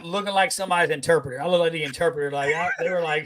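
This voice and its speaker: A man co-hosting a podcast, telling a service story in a lively, profane, laughing way. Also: a little high, racing, a crowd in the background. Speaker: podcast co-host. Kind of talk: casual chat, storytelling.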